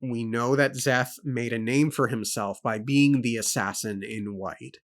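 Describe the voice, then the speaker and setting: Guy on a book club show, mid pitch, talks it through point by point like he's thinking out loud. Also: steady tone, measured pace. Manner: thoughtful, lists points and questions. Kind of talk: casual book discussion.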